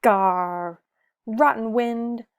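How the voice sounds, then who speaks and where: A woman's voice: fairly high pitch, animated, slow. A woman voicing a boastful young fox. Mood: grumpy. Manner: dramatic exclamations. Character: young male fox, playful, boastful, easily frustrated. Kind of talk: picture-book read-aloud.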